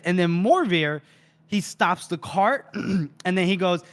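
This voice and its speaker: A man's voice: high-pitched, a little slow, fairly bright tone. A man co-hosting a podcast, animatedly recapping a novel and laughing often. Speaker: podcast co-host. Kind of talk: casual book recap.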